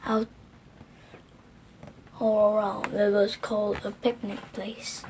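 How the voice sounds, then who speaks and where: A woman reading a children's storybook aloud slowly and carefully, with occasional slips. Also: mid-range voice, monotone, a little mellow, a little hiss or hum. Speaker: reader.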